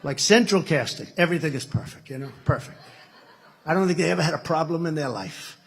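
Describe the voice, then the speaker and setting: His voice is a little high and animated, slightly fast, with vocal fry and a faint hiss or hum in the background. The speaker is an American man in his 70s giving a political keynote full of rambling tales and repeated superlatives.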